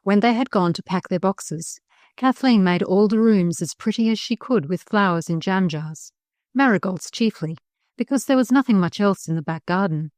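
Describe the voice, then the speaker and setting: A woman reads a classic storybook aloud in a measured, expressive way, at a middle pitch. The sound is close and dry, with no room sound at all. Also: no room sound. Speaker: audiobook narrator. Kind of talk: scripted storybook narration.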